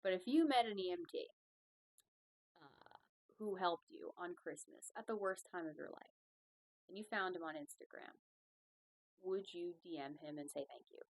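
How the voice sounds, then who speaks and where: A young woman talks through a story on her solo podcast, swearing freely and poking fun at herself as she goes. Her voice sits on the lower side for a woman. The sound is dry and close, with no room around it. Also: normal speed, long pauses, no room sound, low-quality recording. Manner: rambling, profane, self-mocking storytelling with laughs. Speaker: podcast host.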